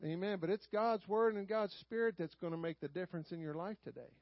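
High-voiced Southern preacher. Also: male voice, a little fast, no echo, lo-fi sound. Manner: folksy, calls "Amen?" to the congregation. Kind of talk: sermon.

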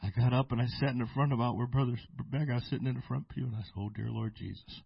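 A man who is a pastor, preaching a sermon and telling stories with restarts, sometimes slowing down and sometimes breaking into shouts. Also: medium pitch, fairly even intonation, creaky, slightly rough, dry recording, dull audio. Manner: preaching with sudden shouted bursts and slow drawn-out phrases; storytelling with restarts and repeated words. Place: church sanctuary.

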